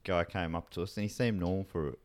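A man's voice: sits low, steady tone, quick pace, a loud crowd. A man, a stand-up comedian, telling a rambling, self-mocking story in casual chat.

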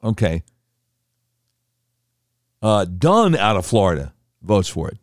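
A man reads through a list and comments on it in an indignant, sarcastic tone. His pitch is lively and swings widely. The recording is dry and close, with no room sound. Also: slow, pauses often, no echo. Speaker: political commentator. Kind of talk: reading a vote list with commentary.

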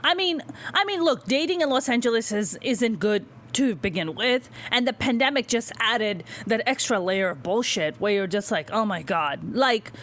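A woman talks in a loose podcast conversation, her voice sitting a bit high. She tells stories in a brash, animated way and swears freely. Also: normal speed, few pauses. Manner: brash, profane, animated storytelling. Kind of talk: casual chat.

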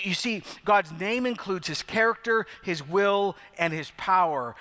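A middle-aged man preaching a sermon as pastor, earnest, slowing down to stress key phrases. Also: on the high side, bright, forceful tone. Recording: long reverb of a large hall.

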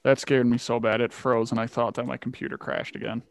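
A man's voice: medium pitch, flat delivery, a little fast, creaky, dry recording. A man co-hosting a casual truck podcast over a video call, rambling and joking about his own tech trouble. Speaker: podcast co-host. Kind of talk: casual chat.

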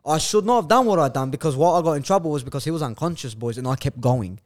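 A man's voice: a little high, lively intonation, fast talker, a little mellow. A man, a podcast guest telling a story bluntly, with lots of swearing and slang. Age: 20s. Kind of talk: casual chat.

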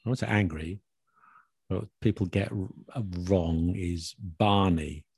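Low-voiced man quizzing on slang. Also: a little slow, gravelly, darkish tone, husky, no echo, clean studio sound. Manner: explains slang patiently, friendly quizzing. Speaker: host. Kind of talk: casual chat.

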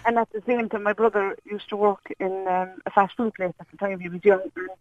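A woman with an Irish accent calling in to a radio show, telling a story hesitantly with many pauses. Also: mid-range voice, fairly even intonation, a little hiss or hum. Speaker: caller. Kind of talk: phone-in storytelling. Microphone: phone line. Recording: muffled phone line.

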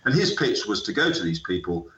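Speaking briskly in a fairly low-pitched voice, this middle-aged man from the UK is a sports entrepreneur guesting on an interview. He recounts anecdotes with lots of animation, playing out the dialogue he recalls. An echoey room and muffled lo-fi quality mark the audio.

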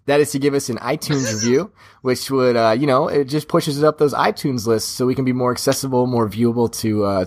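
Chatty male podcast host. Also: medium pitch. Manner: chatty, repeats words as he goes. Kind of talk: casual podcast chat.

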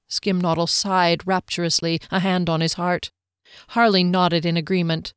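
A woman narrating a fantasy storybook in a measured, even manner. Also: fairly low pitch, smooth, no echo, studio quality. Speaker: audiobook narrator.

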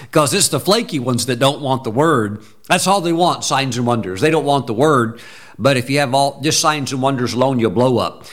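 A man preaches a sermon in an average-pitched voice, pressing his points with emphasis. He breaks into short bursts of praise between thoughts. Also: brisk, fairly bright tone. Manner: emphatic, exclaims praise interjections. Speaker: pastor.

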